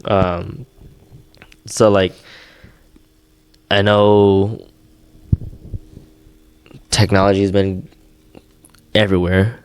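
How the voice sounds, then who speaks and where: On a clean, dry recording, a young adult podcast co-host talks very slowly in a low, flat voice, leaving long pauses. His casual chat rambles along, packed with fillers and restarts.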